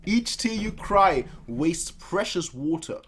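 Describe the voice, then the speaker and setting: A man's voice: sits high, animated, slow pace, a bit bright, breathy edge, pitched above the performer's own voice, exaggerated voice. A man voicing a harsh male hunter who barks orders while reading a manga aloud. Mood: commanding. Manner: barking orders. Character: harsh male hunter in survival mode, commanding.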